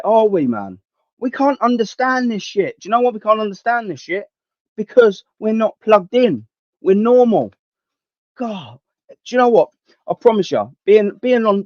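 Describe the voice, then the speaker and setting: Sweary high-voiced man ranting. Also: darkish tone, no echo. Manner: blunt, sweary, slangy and heated. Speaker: livestream host. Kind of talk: ranting livestream chat with viewers. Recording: dull, dry lo-fi stream audio.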